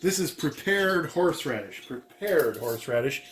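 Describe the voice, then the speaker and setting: A male co-host of a jokey home cooking demo repeats each step in goofy play-by-play. His voice is on the high side and expressive, at normal speed, with heavy kitchen clatter of dishes behind him.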